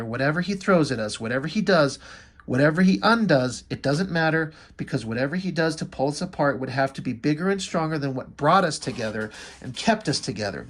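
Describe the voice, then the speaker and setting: A man's voice: mid-range voice, expressive, brisk, a bit bright. A man voicing a loving young wife from a comic book, pleading earnestly and urgently, close to his own voice.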